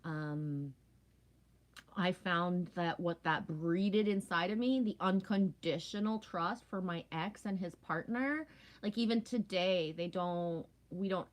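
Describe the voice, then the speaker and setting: A woman's voice: lowish voice, takes it slowly. A woman from Canada in her forties, chatting casually with viewers in a rambling, talkative way, often asking "right?". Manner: rambling, talkative, frequent "right?" and "you know what I mean". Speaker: live stream host.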